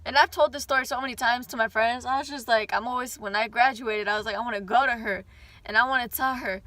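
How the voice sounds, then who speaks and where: Chatty young woman with a bright voice. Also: fairly high pitch, fast talker, dry recording. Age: young adult. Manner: chatty, animated, frequent swearing, rambling asides. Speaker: vlogger. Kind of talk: casual storytime.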